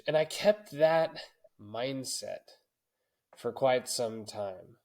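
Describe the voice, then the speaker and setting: A man's voice: mid-range voice, slow pace, darkish tone. Profane storytelling podcast co-host man. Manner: profane, storytelling, laughs often. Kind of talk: casual podcast chat.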